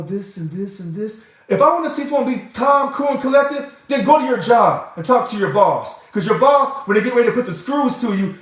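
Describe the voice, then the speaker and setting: Man, livestream host, heated and emphatic, high lively voice, very echoey room. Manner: emphatic, heated, repeats names of commenters. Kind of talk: livestream commentary answering viewers.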